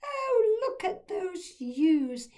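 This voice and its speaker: A woman voicing a fussy, fashionable aunt with an affected posh voice, gushing and high. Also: sing-song, very slow, dark tone, exaggerated voice.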